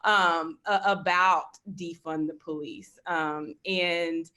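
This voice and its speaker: Low-voiced woman, earnest panelist. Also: steady tone, takes it slowly, bright, forceful tone. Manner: earnest, with dry sarcastic asides. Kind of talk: panel discussion.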